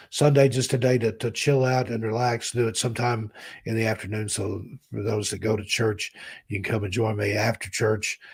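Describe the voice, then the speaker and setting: A man in his fifties from the American South, hosting a casual live stream, chatting warmly and reading out viewers' names. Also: on the low side, gravelly, breathy edge. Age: 50s. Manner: rambling, heartfelt, reads chat names aloud. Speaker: host.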